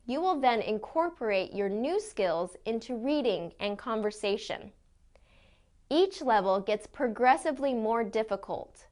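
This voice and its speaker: Clear-spoken woman pronunciation teacher. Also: fairly high pitch. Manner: clear, deliberate modeling of sounds. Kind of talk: scripted lesson narration.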